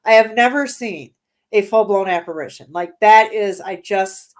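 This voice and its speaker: A woman's voice: medium pitch, normal speed. A woman in her forties, a guest on an interview show, talking casually with lots of fillers and frequent laughs. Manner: chatty, laughs often, many fillers.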